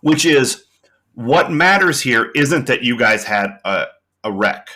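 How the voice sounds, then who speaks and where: A man's voice: mid-range voice, lively intonation, slow, bright, forceful tone. A man co-hosting a podcast, talking through a TV episode in casual chat, thoughtful and rambling with many fillers. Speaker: podcast co-host.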